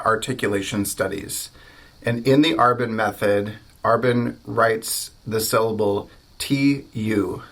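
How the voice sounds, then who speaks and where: An American man gives a trumpet lesson in an instructional video, explaining articulation and voicing practice syllables aloud. His voice is medium-pitched and a bit bright.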